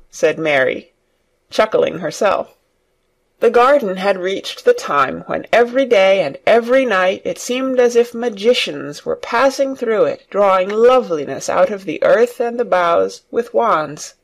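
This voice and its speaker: Lively storybook narrator. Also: mid-range voice, unhurried, gravelly. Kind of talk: audiobook reading for learners.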